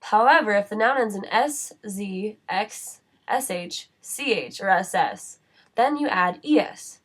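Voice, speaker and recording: A woman giving scripted instructional narration for a spelling lesson, reading rules and slowing down for word lists. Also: medium pitch, animated. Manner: measured, reads word lists slowly. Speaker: writing center instructor.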